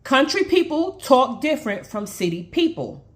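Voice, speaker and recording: A woman from Brooklyn, telling a personal story to her viewers in a chatty, animated way. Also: a little high, moderate pace. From Brooklyn, New York. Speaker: storyteller on social video. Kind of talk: casual storytime vlog.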